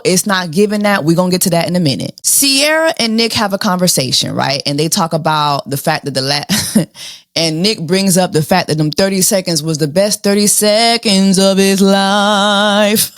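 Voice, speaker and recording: A woman's voice: fairly low pitch, no echo, studio quality. A woman hosting a casual reality TV recap, sassy and slangy, firing off rhetorical questions. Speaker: show host.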